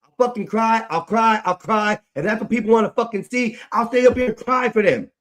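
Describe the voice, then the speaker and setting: Man, high-pitched, angry livestream rant, swearing, repetitive. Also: brisk, fairly bright tone. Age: adult. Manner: profane, frustrated, repetitive. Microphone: streaming mic.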